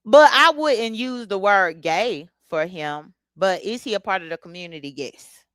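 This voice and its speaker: A livestream host gives casual live commentary in an expressive, medium-pitched voice with a fairly bright tone, speaking a little slowly. She talks bluntly with features and greets chat viewers by name. No room sound is audible.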